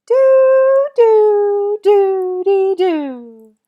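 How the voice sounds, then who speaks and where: A woman music teacher putting on a squeaky, very high silly voice for children to copy. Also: lively intonation, drawn-out words, highs cut off, heavily acted. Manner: squeaky, playful.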